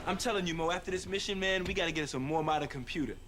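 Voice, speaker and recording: A man's voice: fairly high pitch, rapid-fire, very noisy, lightly acted. An actor playing a goofy, wisecracking male sidekick on a spaceship in a sitcom.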